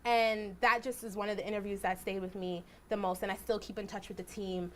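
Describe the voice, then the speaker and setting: A young woman, a journalist, telling stories in a casual, animated way and acting out quotes. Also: medium pitch, fairly quick, slight background noise. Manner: animated, acts out quotes with "I was like". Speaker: journalist guest speaker. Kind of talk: casual storytelling talk. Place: lecture hall.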